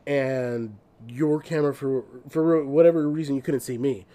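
A man's voice: mid-range voice, steady tone, normal speed, warm tone. A young man co-hosting a casual, improvised podcast over a video call, laid-back and laughing often. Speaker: podcast co-host.

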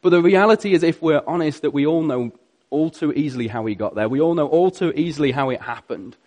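A man's voice: fairly high pitch, fast. Earnest man preaching a sermon. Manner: earnest, storytelling, swings between loud and hushed.

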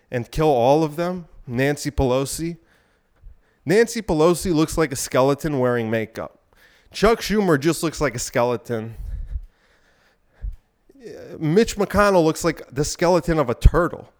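A young man hosting his podcast, ranting crudely with many asides while exercising on an elliptical. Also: fairly high pitch. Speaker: podcast host. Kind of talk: rambling solo podcast talk.

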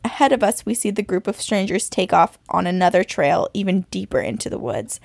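A woman with a gravelly, fry-laced voice reads a listener's tale aloud and slows down for suspense. Her voice sits at a middle pitch and sounds close and dry. She is co-hosting a podcast. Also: expressive, darkish tone, no room sound. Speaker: podcast co-host. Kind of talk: reading a listener's story aloud.

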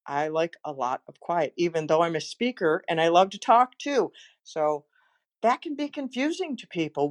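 A woman, a motivational speaker and podcast host, giving an encouraging inspirational talk and telling stories. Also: on the low side. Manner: warm encouraging storytelling.

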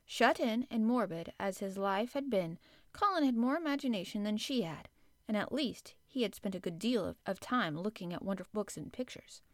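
A woman's voice: medium pitch, expressive, normal speed, no room sound, studio quality. Woman reading a storybook aloud. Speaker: audiobook narrator. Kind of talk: scripted narration.

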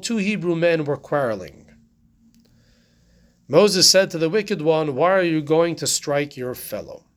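Chatty man teaching a Torah class. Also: on the high side. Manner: conversational, keeps asking "right?" and posing rhetorical questions.

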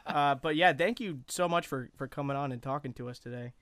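Smooth-voiced joking young man. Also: mid-range voice, fairly bright tone, no echo. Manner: joking, chatty, quick to tease. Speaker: podcast host. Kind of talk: casual podcast chat.

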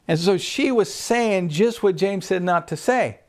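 A male pastor preaching a sermon, pushing his voice up on scripture and dropping it low for stress. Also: unhurried, hardly any pauses, darkish tone.

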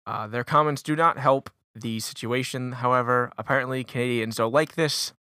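A man's voice: medium pitch, fairly even intonation, moderate pace, pushed and bright, no room sound, clean studio sound. A man co-hosting a podcast, chatting casually and swearing, stumbling over words as he reads aloud. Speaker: podcast co-host.

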